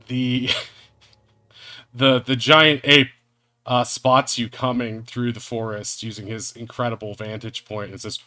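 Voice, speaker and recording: A man's voice: medium pitch, level tone, takes it slowly, bright, forceful tone. A man narrating as game master of a tabletop game, chatty and laughing as he goes, with music behind him.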